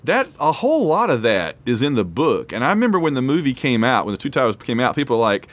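Guy running a trivia game, lively up-and-down voice, rambly and jokey. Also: medium pitch, fast, hardly any pauses. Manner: animated, rambling, self-deprecating. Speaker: quiz host. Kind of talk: casual trivia chat.

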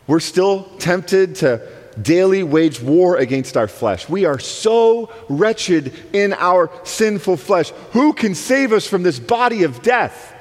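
A man preaching a sermon as guest speaker, emphatic, swinging between soaring lines and hushed ones. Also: fairly high pitch, sing-song, takes it slowly. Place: church sanctuary. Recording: long reverb of a church hall.

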